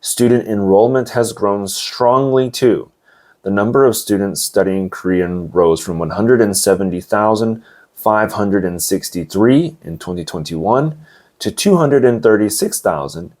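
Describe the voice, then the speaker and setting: A deep-voiced man gives a relaxed English lesson built on news stories. He defines words, reads the news aloud and stops to ask learners if it makes sense. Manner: explains words slowly, adds asides and checks. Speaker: English teacher.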